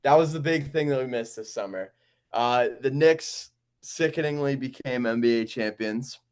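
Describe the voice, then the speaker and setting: A young man co-hosting a podcast over a call, chatting about sports in a relaxed, chatty way. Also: mid-range voice, moderate pace, clear, resonant tone. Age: young adult. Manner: relaxed, chatty, laughs easily. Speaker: podcast co-host.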